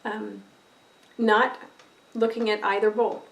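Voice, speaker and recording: A woman teaching a recorded lesson on empathy, expressive and conversational, often checking in with "right?". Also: fairly high pitch, normal speed. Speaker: empathy educator. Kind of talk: recorded lecture video. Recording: roomy echo, voice from a distance.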